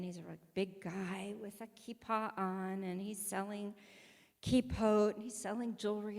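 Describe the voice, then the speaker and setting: Woman rabbi, sermon, conversational storytelling, mid-pitched voice, long hall reverb. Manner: conversational storytelling, acts out quoted speech. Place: synagogue sanctuary.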